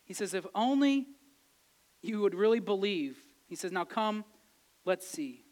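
High-pitched guy preaching a sermon, earnest, gets loud and pushy then goes soft. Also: animated, unhurried. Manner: earnest, builds to emphatic rising passages, then drops soft. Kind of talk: sermon retelling scripture.

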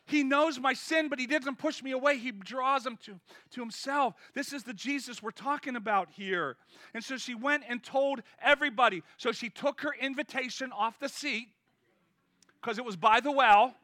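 A man delivers a sermon in a strikingly high, bright voice. He talks to the congregation casually and with energy, often urging them on. The sound is close and dry, with no room echo. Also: normal speed. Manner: energetic, conversational preaching that urges the crowd on. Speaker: pastor.

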